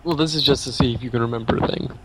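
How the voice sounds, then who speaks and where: A man's voice: medium pitch, rapid-fire, background noise. A man running a tabletop game as game master, easygoing and loose in his narration, laughing often.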